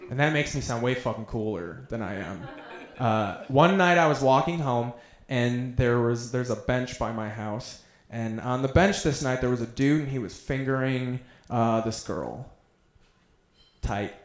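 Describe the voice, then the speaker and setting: A man's voice: mid-range voice, a little slow. Profane, self-mocking male stand-up comic. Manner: profane, self-deprecating storytelling. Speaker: stand-up comedian. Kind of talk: stand-up comedy set. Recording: echoey room sound.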